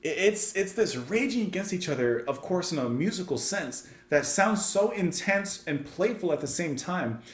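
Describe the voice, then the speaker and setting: A man's voice: sits high, animated, normal speed, few pauses, reverberant. A man hosting a music reaction channel, reviewing a song in casual, enthusiastic speech that rambles with lots of "like" and restarts.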